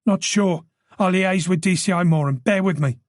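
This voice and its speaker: Woman cop, read by a man, brisk and urgent, pitched up, dry close read. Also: dry recording, close to an everyday voice. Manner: urgent, clipped. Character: tense, brisk woman police detective.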